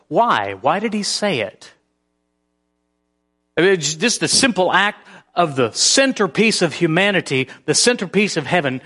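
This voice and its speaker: A man preaching a sermon as pastor. His delivery shifts between hushed, near-whispered passages and emphatic, rising peaks. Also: on the high side.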